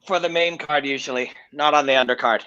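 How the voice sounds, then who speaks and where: A man's voice: mid-range voice, fairly quick, pushed and bright, clean tone, no room sound, muffled recording. A middle-aged man and former fighter hosting a live-stream watch party, telling stories candidly, swearing freely and rambling. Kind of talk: casual live-stream commentary and storytelling.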